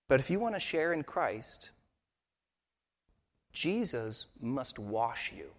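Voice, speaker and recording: A man pastor preaching a sermon with earnest intensity, dropping quiet and rising for emphasis. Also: medium pitch, very animated, slow pace, long pauses, big-room sound.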